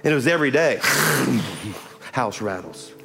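A man preaching a sermon as pastor, building from storytelling to shouted calls to the congregation. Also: mid-range voice, animated, normal speed. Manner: builds to shouted, rising exhortation with call-and-response. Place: large church sanctuary with audience. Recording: live church recording, long reverb, music and crowd behind.

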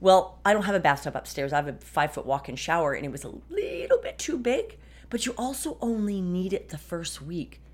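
A woman's voice: fairly low pitch, very animated, fairly quick. A woman in her fifties hosting a podcast from her desk at home, talking frankly and chattily with some wry sarcasm. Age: 50s. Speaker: podcast host. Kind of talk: casual personal monologue.

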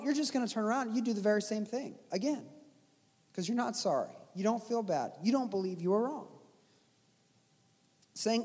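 A man's voice: very high voice, normal speed, in a large hall. A man, a pastor, delivering an earnest sermon and pressing his points with repeated phrases.

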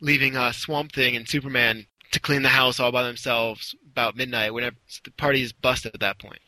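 A man's voice: mid-range voice, fairly even intonation, a little fast, sharp tone, no room sound, poor audio. A man casually telling a long story, rambling a little and acting out the quotes. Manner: rambling, with restarts and acted-out quotes.

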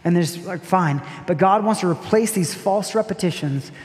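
A man preaching a sermon as a pastor, earnest and reflective, repeating key phrases with gentle emphasis. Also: high-pitched, moderate pace. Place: church sanctuary. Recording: long hall reverb with soft music behind.

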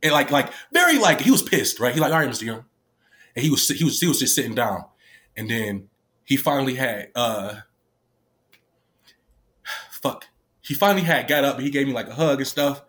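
With a sing-song, medium-pitched voice that's a bit bright, this man tells an emotional personal story to camera at a normal pace, pausing often. He's tearful and meandering, leaning on "like" and "right?" and swearing without restraint.

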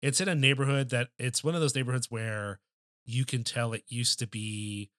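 Speaking at a moderate pace with fairly even intonation, a male podcast co-host has a mid-range, fairly bright voice. He tells a loose, foul-mouthed story with lots of filler in casual chat, and the studio-quality recording is dry.

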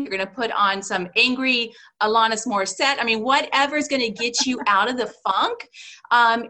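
A woman's voice: medium pitch, pushed and bright. Earnest encouraging woman guest. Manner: earnest, encouraging, with frequent restarts and fillers. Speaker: guest, homeschooling mother and grandmother. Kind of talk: casual interview talk.

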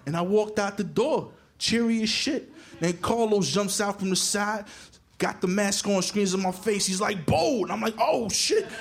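Profane New stand-up storyteller. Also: male voice, high-pitched, moderate pace, slight background noise. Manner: animated, profane, punchy delivery. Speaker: stand-up comedian.

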